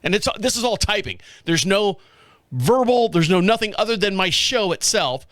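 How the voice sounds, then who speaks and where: Rambling, profane storyteller man, high voice, dry close mic. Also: lively intonation, moderate pace, a bit bright, no echo. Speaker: podcast host. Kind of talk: casual solo monologue.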